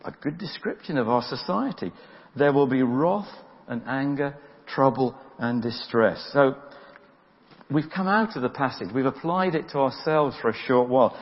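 A man preaching a sermon in an earnest, plain-spoken way, often repeating words as he presses a point. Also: a little high. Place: church. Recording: dull lo-fi audio with long church reverb.

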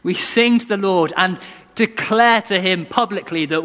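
A man's voice: high voice, unhurried, fairly bright tone. A man preaching a sermon in an earnest, conversational way, often restarting and repeating lines for emphasis. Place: church. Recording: long church reverb.

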